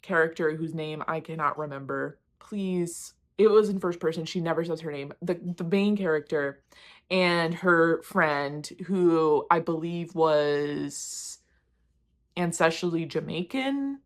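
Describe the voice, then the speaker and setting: A woman's voice: low voice, measured pace. Candid, rambling woman book reviewer. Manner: candid, rambling, self-deprecating, swears casually. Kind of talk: casual book wrap-up chat.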